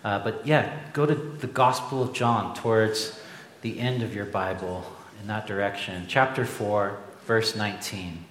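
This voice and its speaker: A young adult man from Oregon preaching a sermon to a congregation and telling stories with an animated, joking manner. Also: on the low side, a little slow. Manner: animated storytelling with a jokey aside. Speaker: pastor. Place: church sanctuary. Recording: echoey hall from far off.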